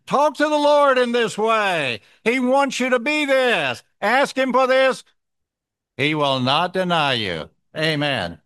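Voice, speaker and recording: Slow, earnest man exhorting the congregation. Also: high-pitched, big pitch swings, fairly bright tone, smooth. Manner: earnest, measured, urging. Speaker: church member sharing in a meeting. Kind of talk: sermon-like exhortation.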